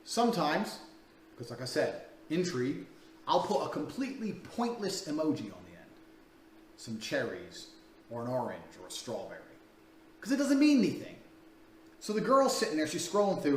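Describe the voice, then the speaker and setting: A man's voice: a little high, sing-song, fairly quick, a bit bright, a little hiss or hum. A man coaching in a crude, blunt, profane way, talking through a paid dating course. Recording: echoey room, distant mic, faint ambience.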